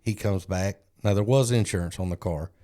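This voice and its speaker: Low-voiced man telling a candid story. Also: normal speed, dark tone. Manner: candid, self-deprecating storyteller. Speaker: podcast co-host. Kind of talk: casual storytelling chat.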